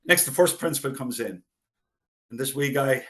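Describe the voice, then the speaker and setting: A middle-aged Irish man, a local historian, telling anecdotes in a relaxed interview and acting out the voices of people he quotes. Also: mid-range voice, moderate pace. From Ireland. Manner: chatty anecdotal storyteller, acts out quoted voices. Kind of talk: casual storytelling interview.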